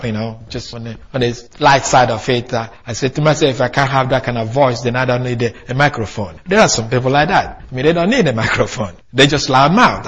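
A man delivers a sermon in a husky, slightly higher voice whose pitch swings up and down a lot. He teaches conversationally, restarting phrases and adding fillers as he explains scripture to the congregation. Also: a bit bright. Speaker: preacher. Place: church hall.

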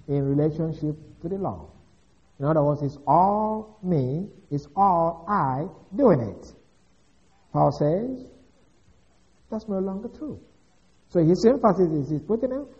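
A man with a fairly high but mellow voice teaches scripture in a methodical, explanatory way. The recording is dull and lo-fi. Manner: methodical, explanatory, with occasional restarts. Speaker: Bible teacher. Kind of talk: expository Bible teaching.

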